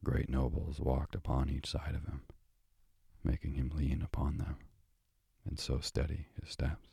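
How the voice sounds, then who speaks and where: A man narrating a storybook aloud in a slow, measured way. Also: extremely low pitch, little pitch movement, vocal fry, mellow, husky, no room sound, studio quality. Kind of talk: audiobook narration.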